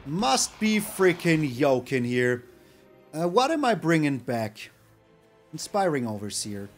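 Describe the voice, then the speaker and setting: Man, card-game commentary, excitable, very lively pitch, high voice. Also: slow, faint music behind. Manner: excitable, animated, swings to loud shouts. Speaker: gaming YouTuber.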